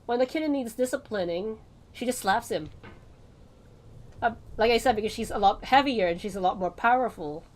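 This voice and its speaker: A woman VTuber with a slightly high voice chats casually with viewers at normal speed while gaming. She drifts off on tangents, laughing softly and restarting her thoughts.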